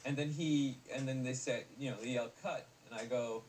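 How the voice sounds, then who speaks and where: A man's voice: medium pitch, steady tone, moderate pace, a little mellow. A young adult man, an actor guest in a casual interview, rambling with many fillers and restarts. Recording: distant mic with faint noise.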